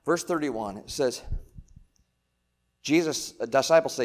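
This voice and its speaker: A man preaching a sermon in a casual, conversational way, asking rhetorical questions and swinging between loud emphatic lines and quiet ones. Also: mid-range voice, unhurried, pauses often. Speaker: pastor.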